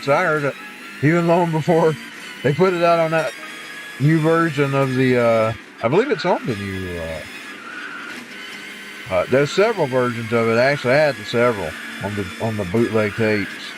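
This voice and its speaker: A man chatting casually on a livestream, rambling and pausing to recall details. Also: medium pitch, lively intonation. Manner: rambling, folksy, trails off to recall things. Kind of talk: casual chat between singing. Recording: noisy background.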